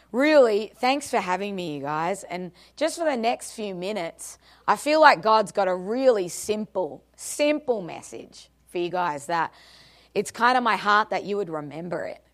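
Australian lady giving a church talk, chatty and upbeat, laughs a lot. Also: medium pitch. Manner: bubbly, chatty, laughs often. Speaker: guest speaker.

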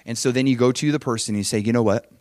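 A man's voice: medium pitch, very fast, a little mellow, dry recording. Emphatic preaching man, dry sound. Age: adult father with children. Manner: emphatic, conversational preaching, often checks in with the audience. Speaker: pastor. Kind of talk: sermon.

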